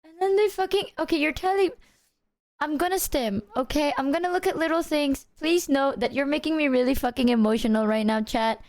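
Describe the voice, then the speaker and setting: A woman's voice: high voice, a little fast, a little mellow. Teary, rambling woman streamer. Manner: emotional, laughing, rambling with filler "like". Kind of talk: casual live-stream chat.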